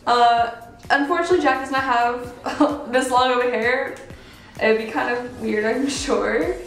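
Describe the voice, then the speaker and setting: A woman's voice: fairly high pitch, far from the mic. A young woman, a college student, chatting casually through a cosplay tutorial, giggling often and using lots of "like" fillers. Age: young adult. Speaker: cosplay vlogger. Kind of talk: casual makeup and costume tutorial. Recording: roomy echo, voice away from the mic, faint music.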